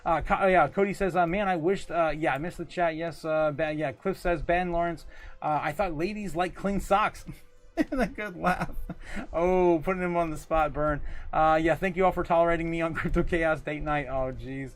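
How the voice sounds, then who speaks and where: A man's voice: fairly high pitch, normal speed. A man hosting a casual livestream, rambling loosely, reading viewer comments aloud and laughing often between lines. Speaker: livestream host.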